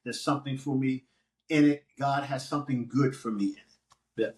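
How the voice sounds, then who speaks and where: A man, a pastor and musician, talking on a podcast in an emphatic, preacherly way, quoting scripture and acting out talking to his own feelings. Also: a little fast. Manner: emphatic, animated swings in pitch. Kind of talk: conversational podcast interview.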